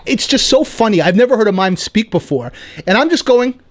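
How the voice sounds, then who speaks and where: Animated and playful, a higher-pitched male podcaster spins a comic story in a relaxed monologue, tossing in quick asides like "right?" along the way.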